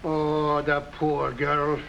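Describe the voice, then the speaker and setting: An actor playing a sentimental, loyal police sidekick in an early TV crime drama, speaking with heartfelt emotion. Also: male voice, fairly high pitch, monotone, drawn-out words, gravelly, fairly bright tone, dull audio, a little hiss or hum, exaggerated voice. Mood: dismayed.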